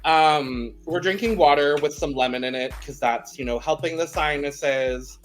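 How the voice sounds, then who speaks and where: A man's voice: on the high side, moderate pace, soft background music. Congested laid-back man co-hosting. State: congested from a sinus infection. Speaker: podcast co-host. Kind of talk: casual chat.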